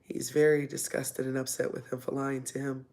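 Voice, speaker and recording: Woman vlogger rambling thru a story, kinda gravelly, pretty flat tone, lots of um and you know. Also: a bass voice, moderate pace. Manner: rambling, with frequent fillers and re-enacted dialogue. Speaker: vlogger telling her life story. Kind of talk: casual storytime.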